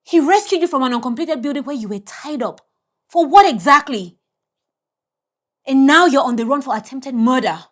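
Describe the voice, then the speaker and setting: A woman's voice: high-pitched, expressive, normal speed, a bit bright. An actress playing a firm woman counselor at a rehab center who scolds and questions a troubled girl in a film drama. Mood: stern.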